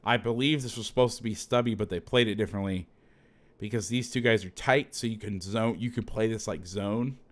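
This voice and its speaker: A man coaching through game film in a casual breakdown, chatty and quick to correct himself. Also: fairly low pitch.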